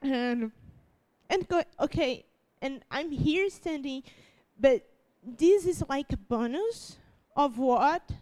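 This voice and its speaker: Tearful young woman giving a halting testimony. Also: sits high, animated, a little mellow. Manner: halting, restarts often, laughs through tears. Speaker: youth preacher. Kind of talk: emotional testimony sermon.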